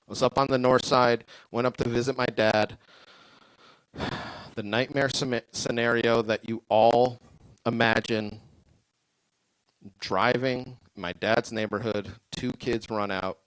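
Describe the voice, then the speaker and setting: A man performing a stand-up set at a comedy club, delivering deadpan punchlines into a stage mic. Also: mid-range voice, a little slow, long pauses, clean tone, no echo, rough recording.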